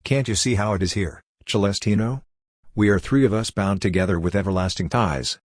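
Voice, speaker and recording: A man reading the part of a wise, tender condemned male prisoner who speaks gently and philosophically. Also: fairly low pitch, a little fast, no room sound, studio quality, lightly acted. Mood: soothing.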